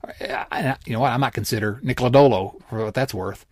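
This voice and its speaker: A man's voice: medium pitch, a little fast, dry recording, studio quality. A man co-hosting a casual sports podcast, rambling with fillers and teasing his partner. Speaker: podcast co-host.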